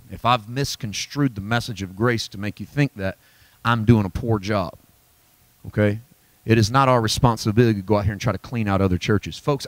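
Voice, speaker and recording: A man preaching a sermon at a church Bible study, emphatic and folksy, dropping to low asides and climbing to high exclamations. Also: dry recording. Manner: folksy, self-deprecating humor. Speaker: pastor.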